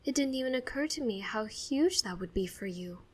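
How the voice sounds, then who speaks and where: A woman's voice: on the high side, expressive, normal speed, slightly rough, pitched above the performer's own voice. A woman voicing a loving, emotional mother who speaks in a tender, tearful way.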